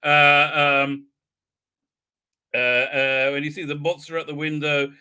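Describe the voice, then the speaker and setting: A man's voice: on the high side, little pitch movement, slow pace, sharp tone, clean tone. A man hosting a live stream, recapping an episode in a rambling, sarcastic way with many fillers. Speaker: host.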